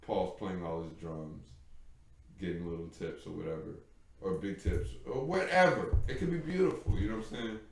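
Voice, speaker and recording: In an echoey room, a man co-hosting a live stream tells a long story in casual chat, animatedly acting out the voices of the people in it. His voice is deep and his pace moderate.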